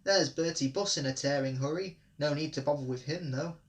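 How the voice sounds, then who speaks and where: A man's voice: a little high, fairly quick, lightly acted. A man voicing an easygoing, cheerful railway fireman with a sing-song manner.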